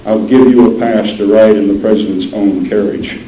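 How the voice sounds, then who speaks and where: A man voicing an obliging male cabinet secretary who speaks low and confiding. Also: steady tone, moderate pace, mellow, far from the mic, a little hiss or hum, close to an everyday voice. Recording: roomy, dull lo-fi sound.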